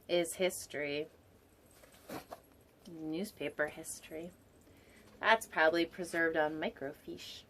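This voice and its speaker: A woman at medium pitch hosts a storytime show, reading a picture book aloud. She interrupts herself with playful tangents and jokes, at times dropping into a whisper for an aside.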